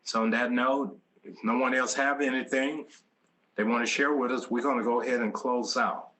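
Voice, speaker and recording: A man's voice: mid-range voice, fairly even intonation, normal speed, bright, forceful tone. A man hosting a group phone call, affirming the callers in an easygoing way. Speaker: call host.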